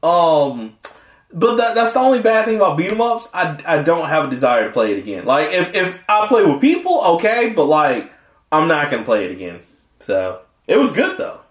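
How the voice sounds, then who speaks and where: A man co-hosting a casual podcast chat, animated and laughing often, acting out quotes in funny voices. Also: fairly high pitch, moderate pace, reverberant. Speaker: podcast co-host.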